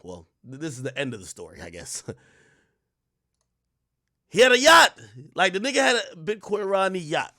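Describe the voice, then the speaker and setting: A man in his thirties hosts his stream and tells a story in casual, profane street slang. His voice sits high and swings widely in pitch, jumping from loud outbursts to low mutters. The sound is dry and close to the mic. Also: no room sound. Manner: animated, swings between loud bursts and muttered asides. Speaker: streamer host.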